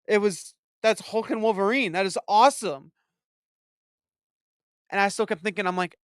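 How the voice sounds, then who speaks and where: A man hosting a casual movie commentary, retelling his reactions in an excitable, profane, animated way. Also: high voice, quick pace, clear, resonant tone, dry recording, studio quality.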